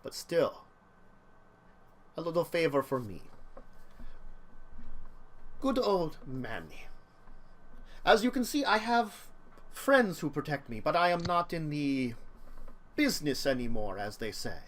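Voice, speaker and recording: A game master voicing an aging crime boss with an attempted Spanish accent, courtly and deliberate. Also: male voice, a little high, sing-song, a bit bright, full character voice. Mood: scheming. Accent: attempted Spanish accent, admittedly poor. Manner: courtly, slow and deliberate, with drawn-out pauses. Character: aging male crime boss, smooth and scheming.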